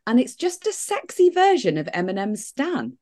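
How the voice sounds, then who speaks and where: A woman's voice: fairly high pitch, normal speed. A woman co-hosting a podcast, telling stories in casual chat with a lot of giggling. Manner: giggly, animated storytelling. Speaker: podcast co-host.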